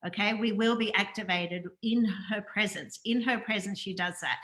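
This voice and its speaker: A woman's voice: mid-range voice, moderate pace, a bit bright. A woman hosting a spiritual interview, who speaks in an earnest, affirming way and repeats her phrases. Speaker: host. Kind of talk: spiritual interview, scripted intro.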